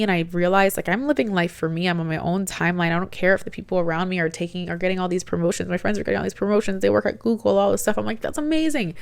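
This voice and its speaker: A woman in her late twenties telling a personal story in a chatty, animated way, with a lot of "like" and acted-out quotes. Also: mid-range voice, vocal fry, smooth, dry recording. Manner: chatty, animated, heavy use of "like". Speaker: podcast host.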